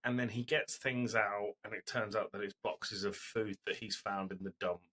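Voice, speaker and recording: A man's voice: fairly low pitch, level tone, normal speed, pushed and bright. A man co-hosting a podcast, retelling a show in a rambling, casual way with lots of fillers. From Britain. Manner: rambling storytelling recap with fillers. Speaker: podcast co-host. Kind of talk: casual chat.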